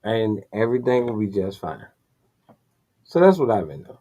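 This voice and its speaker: A man talking calmly and reflectively, sharing advice as a co-host. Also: fairly low pitch, normal speed, highs cut off. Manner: calm, reflective, advice-giving.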